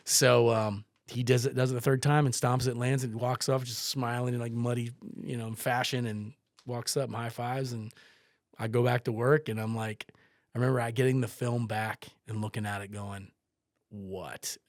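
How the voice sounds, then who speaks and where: Animated man telling a story. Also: medium pitch, normal speed, dry recording, studio quality. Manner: animated, swearing, acts out quotes. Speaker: podcast guest, photographer. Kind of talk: casual storytelling.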